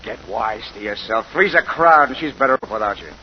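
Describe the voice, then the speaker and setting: A man's voice: medium pitch, expressive, a little fast, natural voice. An actor playing a jealous, bullying male dance partner who sneers in slangy tough talk, in 1940s radio acting. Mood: sneering. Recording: dull lo-fi 1940s radio recording with hiss.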